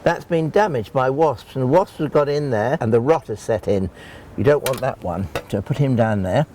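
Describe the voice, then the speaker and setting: Man, gardening presenter, chatty homely tone, mellow warm voice, lively pitch, outdoor garden, faint background noise. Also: normal speed. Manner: chatty, homely, rambling with restarts. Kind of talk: friendly practical demonstration.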